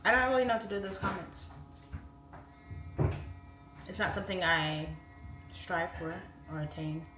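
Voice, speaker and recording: With a fairly low voice, lively intonation, normal speed and long pauses, a woman chats casually on a livestream from home, rambling and reading viewer comments aloud. She uses a phone on its side in an echoey room where faint music plays.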